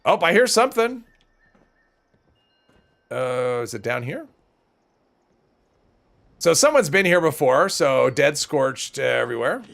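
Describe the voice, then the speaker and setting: A man with a stuffy nose rambling through casual livestream commentary, his voice a touch high and gravelly with fry. He thinks out loud as he plays. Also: big pitch swings, slow pace, long pauses. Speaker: gaming streamer.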